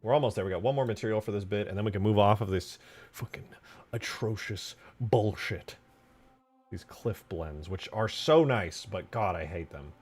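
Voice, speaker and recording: A man's voice: fairly low pitch, fairly quick. An American man streaming casually as he works on a game mod, muttering to himself and joking with his chat. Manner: joking, mutters to himself, sudden excited yelps. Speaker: modding streamer. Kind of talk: casual live-stream commentary while working.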